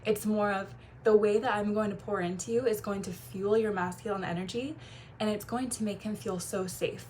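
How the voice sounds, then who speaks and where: Young woman, casual vlog coach, warm gushing delivery, light background noise. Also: medium pitch, steady tone. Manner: warm, gushing, quick laughs and playful quoted voices. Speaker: feminine energy coach. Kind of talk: casual talking-to-camera advice.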